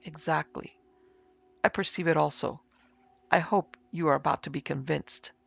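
A man voicing a calm male ghost investigator in a measured, precise way in an audiobook reading. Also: fairly high pitch, creaky, breathy edge, dry recording, highs cut off, heavily acted.

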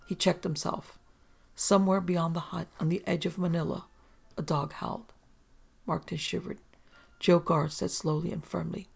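Brief: steady audiobook narrator with a gravelly voice, reading a mystery. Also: medium pitch, normal speed. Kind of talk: scripted narration.

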